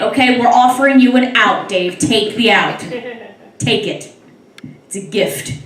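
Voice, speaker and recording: A woman's voice: on the high side, unhurried, a bit bright, far from the mic, slight background noise. A young woman performing a stand-up comedy set, talking wryly and teasing the crowd. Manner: wry, conversational, crowd-teasing. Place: club stage with live audience. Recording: echoey room, mic heard from afar.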